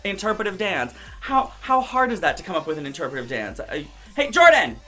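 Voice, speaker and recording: A man's voice: a little high, big pitch swings, fairly quick, sharp tone. A drag queen recapping a TV show in sassy, profane, theatrical commentary, often mimicking other people in quotes. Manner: brash, campy, profane, theatrical.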